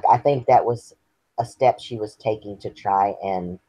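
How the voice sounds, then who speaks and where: A man in his fifties from Texas, appearing as an interview guest, shares his personal story in an earnest, candid, reflective way. His voice is on the low side, a little slow and warm in tone. There's no echo, but the audio quality is poor.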